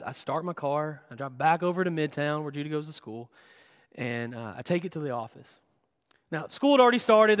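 A man's voice: fairly high pitch, fairly bright tone. A man in his thirties preaching a sermon, telling a family story in a conversational, self-deprecating way. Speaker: pastor. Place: church sanctuary. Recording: long church hall reverb.

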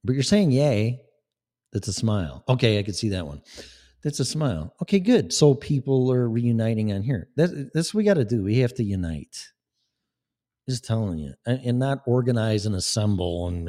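A man's voice: on the low side, expressive, moderate pace, dark tone. A man hosting a live talk show, speaking in a blunt, sarcastic, rambling way. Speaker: podcast host. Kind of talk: casual live-show monologue.

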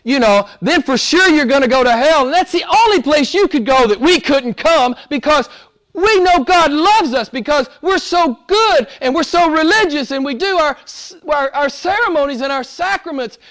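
Smug mocking Pharisee, man, played by the preacher, pitched well up. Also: animated, normal speed, fairly bright tone. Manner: mocking, boastful. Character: smug self-righteous male Pharisee.

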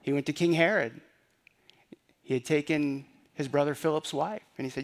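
A man preaching a sermon in a relaxed, conversational tone. He keeps circling back to key phrases and tosses rhetorical questions at the congregation. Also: a little high, normal speed. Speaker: pastor.

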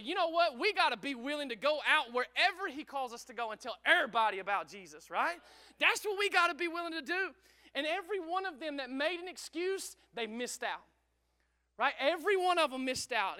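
A male pastor delivers an energetic sermon in a strikingly high voice. His tone is very bright and sharp. He repeats phrases and keeps calling on the congregation to answer. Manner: energetic, repetitive, calls out to congregation. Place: church service.

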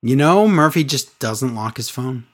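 A woman's voice: very deep voice, expressive, measured pace, slightly rough. A woman co-hosting a casual recap podcast, telling the story with sarcastic exasperation and mocking impressions. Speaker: wrestling recap podcast co-host.

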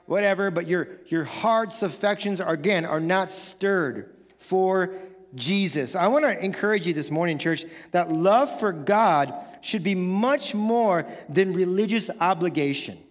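Male pastor, high-pitched and animated, preaching in a big echoing church sanctuary. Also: unhurried. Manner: animated, builds to excited shouting; acts out quoted congregants in casual voices. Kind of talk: sermon.

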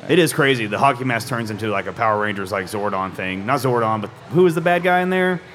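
A man's voice: lowish voice, lively intonation, fast talker, a bit bright, slight background noise. A man co-hosting a casual live podcast, rambling and joking as he recaps movie plots in a brewery. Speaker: podcast co-host.

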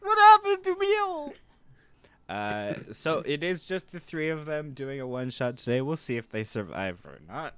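A man's voice: medium pitch, lively intonation, normal speed, hardly any pauses, clear, resonant tone, no room sound. A man who is game master of a tabletop game, rambling casually with plenty of fillers and laughter.

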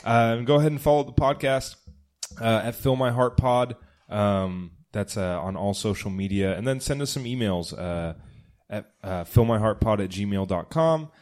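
A man's voice: lowish voice, moderate pace, a little mellow. Man, podcast host, casual banter, jokey, teasing, laughs a lot. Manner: joking, ribbing, laughs often.

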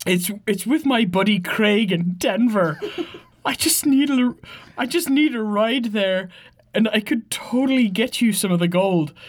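A woman's voice: on the high side, pitched above the performer's own voice, full character voice. A woman voicing a chatty, rambling male leprechaun hitchhiker with a Southern Irish accent, reading a comic monologue. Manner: rambling, laid-back, stumbling over words.

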